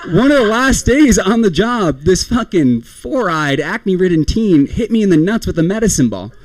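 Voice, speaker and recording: A man's voice: high voice, sing-song, normal speed. A young man performing a rambling, self-deprecating stand-up comedy set, often laughing at his own jokes.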